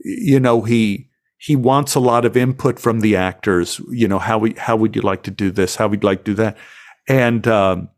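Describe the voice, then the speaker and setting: American guy, middle-aged, yarning on a podcast, jumps into silly voices for quotes. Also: fairly low pitch. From United States. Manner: animated storyteller acting out voices in quotes. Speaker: actor guest. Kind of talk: storytelling interview.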